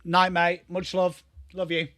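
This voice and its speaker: A man from Australia hosting a live football watchalong, chatting casually with viewers by name and breaking into quick play-by-play calls. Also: high-pitched, monotone, fairly bright tone, dry recording. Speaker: live stream host.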